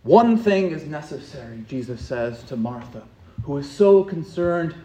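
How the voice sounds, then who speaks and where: Impassioned high-voiced male preacher, echoey church. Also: animated, measured pace. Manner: impassioned preaching with rhetorical repetition, swinging from hushed to loud. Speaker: pastor. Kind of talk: sermon.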